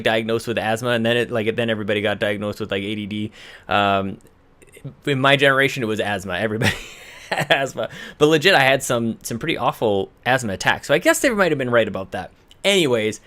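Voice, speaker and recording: A man with a medium-pitched, slightly bright voice opens his podcast from home in British Columbia. He rambles in a chatty, casual way, correcting himself as he goes and sounding a little out of breath.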